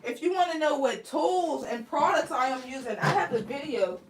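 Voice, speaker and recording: A woman's voice: sits high, expressive, moderate pace. A young woman from Pennsylvania with a Pennsylvania accent, chatting with viewers as she teaches braiding on a livestream. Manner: chatty, talks to viewers as "y'all". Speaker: braiding instructor hosting a livestream. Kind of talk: live tutorial with chat reading.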